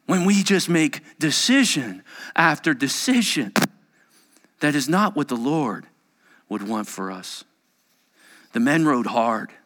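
A male pastor preaching a sermon dramatically, moving between loud urgency and hushed near-whispers. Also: a little high, sing-song, slow, pauses often, in a large hall.

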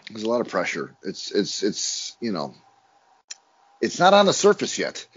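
A man co-hosting a casual movie podcast, talking in an animated, rambling way with frequent swearing. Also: lowish voice, moderate pace, husky, dull audio. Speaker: podcast co-host. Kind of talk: casual chat.

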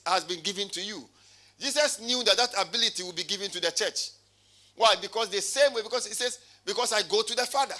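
A man preaching a sermon in a high, ringing voice with a very bright, sharp edge. He calls out to his congregation and reads scripture aloud. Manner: preaching with call-and-response. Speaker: pastor.

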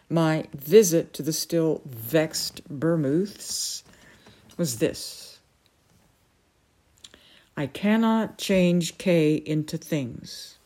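A woman's voice: on the low side, mellow. A woman reading aloud, voicing a tetchy, easily vexed old male wizard in a storybook. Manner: stern, prone to outbursts.

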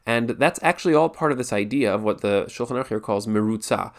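A man teaches a lesson in a steady, explanatory way. He thinks aloud, often restarting phrases and repeating words as he works through each idea. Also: lowish voice, quick pace, vocal fry. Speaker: Torah teacher. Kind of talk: spoken Jewish law lesson.

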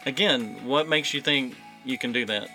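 A man's voice: mid-range voice, normal speed, vocal fry, over music. A man co-hosting a podcast, reading trivia in a dry, matter-of-fact casual chat and explaining things at length. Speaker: podcast co-host.

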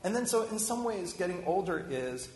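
A rabbi giving an informal, conversational sermon, talking with lively restarts and acted-out quotes. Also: male voice, sits high, normal speed. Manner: conversational, animated, many restarts. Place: synagogue hall. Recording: roomy hall echo, faint ambience.

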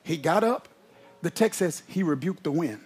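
Male pastor, fairly high and husky voice, preaches in swings from hushed to loud and emphatic. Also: lively intonation, moderate pace. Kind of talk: sermon.

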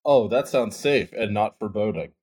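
A man's voice: lowish voice, expressive, normal speed, a little mellow, husky. A man co-hosting a casual podcast, making sarcastic, self-deprecating quips. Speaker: podcast co-host.

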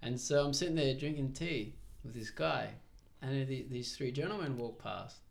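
A young man tells his travel stories as a podcast guest, animated and loose, swearing now and then. His voice has a gravelly, creaky edge at a mid pitch. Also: moderate pace. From Israel. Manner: animated, acts out quoted voices, swears freely. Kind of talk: casual storytelling.

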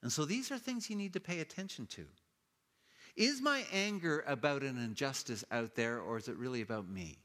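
A man preaching a sermon with a bright, forceful voice that rises and falls a great deal. His delivery is animated and playful, and he slips into exaggerated voices when he quotes people. A long reverb from the hall trails after each phrase. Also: medium pitch, moderate pace.

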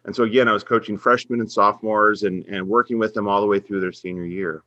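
A middle-aged man from Minnesota, a head women's basketball coach appearing as a podcast guest, tells a long, earnest, faith-centered personal story, growing animated when quoting others. His fairly low voice sounds bright and forceful, and he speaks fast. The recording is dry, slightly muffled, and has no room sound.

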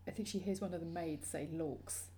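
A woman co-hosting a casual book podcast, chatting warmly and reading aloud, laughing readily. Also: fairly low pitch, fast talker. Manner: reads passages aloud with playful accents, laughs readily. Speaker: podcast co-host.

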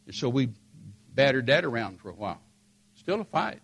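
A man's voice: medium pitch, moderate pace, vocal fry, slightly rough. An older American man preaching, telling dramatic personal stories and acting out the voices of the people in them. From United States. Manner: animated, acts out the voices in his stories. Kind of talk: sermon storytelling.

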